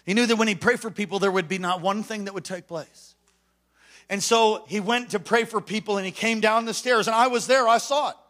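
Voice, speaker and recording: Male pastor, high and bright, animated revival preacher with hushed asides and shouted peaks. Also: fairly quick. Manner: swings from hushed storytelling to shouted exhortation. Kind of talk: revival sermon storytelling. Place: church sanctuary.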